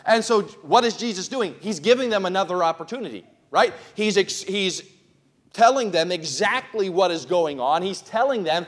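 A pastor preaching to his congregation in a notably high male voice. He builds his sermon into loud, impassioned cries and stops to check that his listeners are keeping up. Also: expressive, normal speed. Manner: asks the congregation questions. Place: church.

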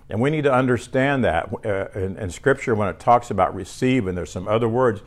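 A man preaching a sermon in a conversational teaching manner, reading scripture aloud and often restarting phrases. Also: fairly low pitch.

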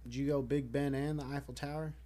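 A man's voice: mid-range voice, level tone, fast talker, crowd noise. A man hosting a casual live-stream chat, laid-back, swearing casually and laughing often. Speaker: host.

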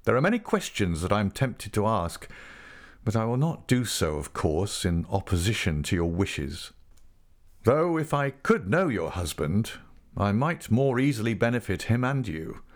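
A man voicing an insistent, hot-tempered gentleman suitor who questions forcefully. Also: lowish voice, big pitch swings, moderate pace.

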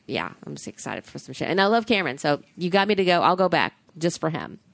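A woman co-hosting a podcast in casual chat, gushing and animated, swearing freely. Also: deep voice, quick pace, gravelly, no room sound. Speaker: podcast co-host.

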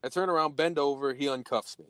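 A young man telling a story in casual podcast chat, profane and animated, acting out the quoted dialogue. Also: mid-range voice, fast, a little hiss or hum.

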